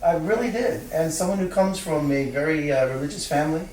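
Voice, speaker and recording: Brief: chatty male critic interviewer, slightly high voice, distant mic in an echoey room with faint noise. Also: brisk, darkish tone. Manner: effusive, chatty with fillers.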